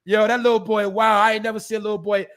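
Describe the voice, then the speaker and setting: A man hosting a casual live stream, talking loosely in street slang and shouting out viewers in the chat. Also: high voice, flat delivery, quick pace, smooth.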